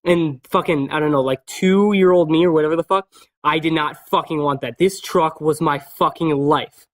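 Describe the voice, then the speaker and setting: A man's voice: a little high, moderate pace. A man telling a personal story in a casual vlog, rambling and swearing constantly. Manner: many fillers and restarts. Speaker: vlogger.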